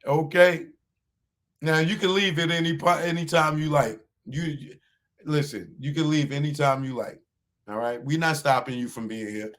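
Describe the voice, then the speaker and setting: A man hosting a livestream, taunting a viewer in chat with drawn-out mocking questions and laughter. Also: a little high, a bit bright. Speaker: livestream host.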